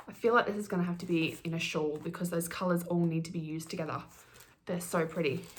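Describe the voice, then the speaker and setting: A middle-aged woman hosting her knitting podcast, chatting quickly and gushing as she unboxes yarn. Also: lowish voice. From Australia. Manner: gushing, fast-talking, giddy. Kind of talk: casual chat, yarn unboxing.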